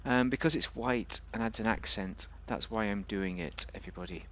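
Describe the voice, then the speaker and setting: A man's voice: lowish voice, normal speed, a bit bright, a little hiss or hum. A man giving a casual, rambling, jokey commentary while reviewing a car in a video game.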